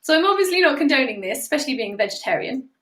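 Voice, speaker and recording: A woman's voice: high voice, very animated, racing, fairly bright tone, roomy sound. A British woman hosting a casual live stream as a singer, chatting and giggling while she reads out viewer comments.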